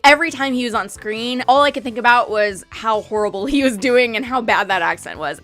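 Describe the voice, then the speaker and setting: Bright, chatty young woman reviewer. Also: medium pitch. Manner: chatty and animated, laughs often. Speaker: movie reviewer. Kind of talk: casual spoken movie review.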